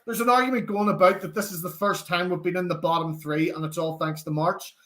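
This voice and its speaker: A man's voice: sits high, fairly quick, a bit bright. A young man with a Northern Irish accent, hosting a live football watchalong, chatting animatedly and reading out viewer comments. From Northern Ireland. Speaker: fan channel host.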